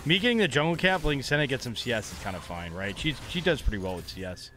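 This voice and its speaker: With faint music behind him, a young man streams his game and casually commentates, bantering with chat and trash-talking in a playfully mock-angry way. He speaks fast in a mid-range, sharp voice that swings widely in pitch.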